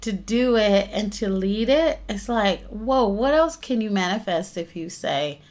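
Lively young woman telling her story. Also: mid-range voice, a little slow. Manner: animated storytelling, laughs often. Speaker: interview guest, stage actress and singer. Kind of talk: casual interview chat.

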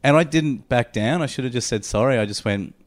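A man's voice: mid-range voice, brisk. Laughing man telling a story. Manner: rambling storyteller, laughing often. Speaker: podcast co-host. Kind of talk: casual comedy chat.

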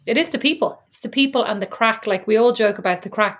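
An Irish woman in her thirties talking casually as a podcast co-host. Her humour is wry and self-deprecating, and she often restarts her sentences mid-thought. She keeps a relaxed conversational pace. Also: medium pitch, fairly quick, hardly any pauses, slightly rough. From Ireland. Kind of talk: casual chat.

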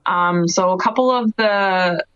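A woman's voice: on the low side, unhurried, fairly bright tone, smooth, no room sound. Chatty woman from Cape Breton. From Canada, Cape Breton. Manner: chatty storyteller, many "like"s, laughs often. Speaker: guest wrestler. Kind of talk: casual interview chat. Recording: dry, dull lo-fi podcast audio.

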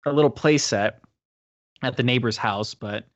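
A man's voice: normal speed, no echo, dull audio. A man co-hosting a podcast, casually recapping a movie and acting out its scenes. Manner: animated retelling, acting out quotes in a high squeaky voice. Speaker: podcast co-host.

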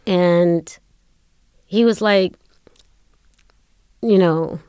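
Low-voiced woman telling stories, dry sound. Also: extremely slow, mellow, smooth, no room sound. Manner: storytelling, acting out quoted exchanges. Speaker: guest. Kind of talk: casual interview chat.

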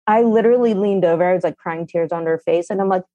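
A middle-aged woman who is a mother and parenting columnist tells a family story candidly, her speech animated and blunt with casual swearing. Her voice is fairly low and fast. The recording sounds dull and dry, with no echo.

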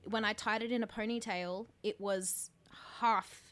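A woman's voice: mid-range voice, fairly even intonation, measured pace, fairly bright tone. A woman in her thirties co-hosting a podcast, telling stories in casual chat, chatty and self-mocking. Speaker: podcast co-host.

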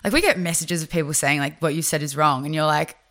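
A woman's voice: low-pitched, quick pace, a bit bright. A young Australian woman co-hosting a podcast, talking in a frank, chatty way and laughing often. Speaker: podcast co-host. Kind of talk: casual chat.

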